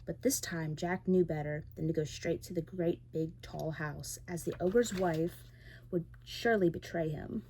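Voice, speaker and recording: A woman reading a fairy tale aloud in a soft, gentle bedtime manner as a whispered role-play ASMR storyteller, close to the microphone. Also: lowish voice, a little slow, slight background noise.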